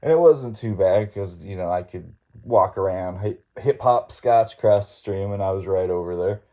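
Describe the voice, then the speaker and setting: A man's voice: deep voice, moderate pace, dark tone. A man hosting a podcast, telling a story in a rambling, laid-back way with folksy grammar and frequent chuckles. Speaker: podcast host. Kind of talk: casual storytelling monologue.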